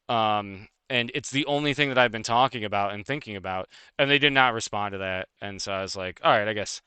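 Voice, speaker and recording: A man streaming live, ranting casually and fast with lots of swearing and laughter. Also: mid-range voice, pushed and bright, clean tone, no room sound. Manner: fast, profane, heated and laughing.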